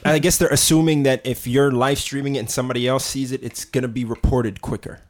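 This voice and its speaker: A man's voice: mid-range voice, steady tone, fast. A man co-hosting a casual podcast, rambling through the news and laughing often as he talks. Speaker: podcast co-host.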